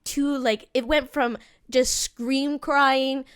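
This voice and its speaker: A woman's voice: sits high, steady tone, slow. A woman co-hosting a podcast, telling a story with crude, sarcastic humor. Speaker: podcast co-host. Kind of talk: casual chat.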